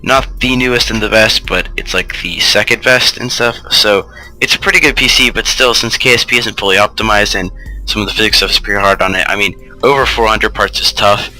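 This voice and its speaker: A man's voice: on the low side, steady tone, brisk, pushed and bright, soft background music, rough recording. A man hosting a let's play, giving loose, rambling gameplay commentary full of asides.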